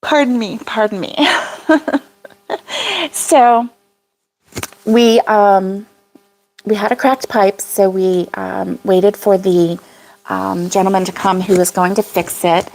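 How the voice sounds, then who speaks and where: A woman's voice: medium pitch, steady tone, slow, long pauses, a little mellow. An older woman hosting a casual crochet livestream, rambling about her week with frequent laughs and reading viewer comments aloud. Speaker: crochet vlog host.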